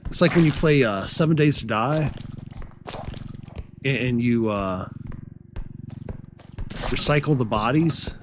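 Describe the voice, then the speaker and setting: A man doing live gameplay commentary at a mid pitch, musing aloud as he plays. His chatty, easygoing self-talk sits over a clear layer of steady background noise. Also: takes it slowly, long pauses. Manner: chatty, talks to himself while playing. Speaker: streamer.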